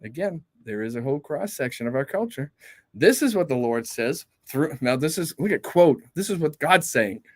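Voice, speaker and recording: A man leading a casual Bible talk as pastor, his voice climbing high and swooping widely as he reads. He breaks off mid-thought, asks his listeners questions and answers them himself. His tone sits a little above the usual male pitch. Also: expressive, moderate pace. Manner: conversational, self-interrupting, rhetorical questions. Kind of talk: informal Bible study talk.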